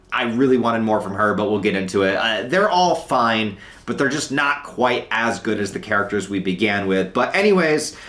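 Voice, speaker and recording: A man with a raspy, hoarse voice from being sick talks casually from his couch, often pausing and hesitating as he rambles. His voice sits in the middle of the male range. The sound is roomy, with a noticeable echo. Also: medium pitch, fairly bright tone. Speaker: book reviewer. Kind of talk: casual video review. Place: at home on a couch.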